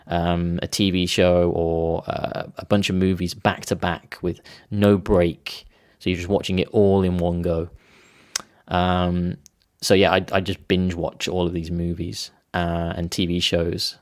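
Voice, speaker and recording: A man's voice: low voice, no room sound, clean studio sound. A man teaching English in an unscripted monologue, spelling out words and explaining phrases for learners with enthusiasm and frequent ums.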